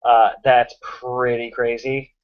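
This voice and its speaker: A man's voice: medium pitch, level tone, takes it slowly, smooth, lo-fi sound. A man co-hosting a casual sports podcast over a remote call, joking and full of fillers. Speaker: podcast co-host.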